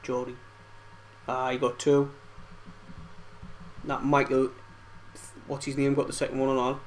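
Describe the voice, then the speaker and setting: Sweary football fan. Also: male voice, medium pitch, monotone, measured pace, slight background noise. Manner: swearing, frustrated, banter-filled outbursts. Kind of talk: live match watch-along commentary.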